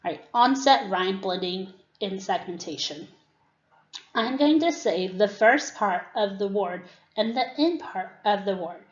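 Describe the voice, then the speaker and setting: A woman's voice: mid-range voice, lively intonation. A woman giving a teacher-training presentation on reading skills, acting out classroom prompts as she explains them. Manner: demonstrates classroom prompts, slow and deliberate. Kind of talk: instructional presentation. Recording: dull, roomy recording.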